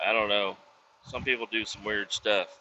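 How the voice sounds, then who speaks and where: A man's voice: on the low side, steady tone, normal speed, bright, forceful tone, a little hiss or hum. A man who works roadside service, telling rambling, profane stories in a casual vlog. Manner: profane, loose, drifting between stories. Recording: dull lo-fi sound with faint background ambience.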